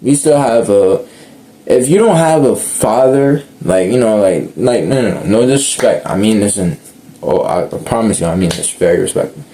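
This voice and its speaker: A young man with a lowish, mellow voice speaks in an unscripted, earnest way. He rambles and stops to correct himself, sounding like he is talking things through out loud outdoors. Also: expressive, moderate pace. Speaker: speaker sharing reflections. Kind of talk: casual unscripted monologue.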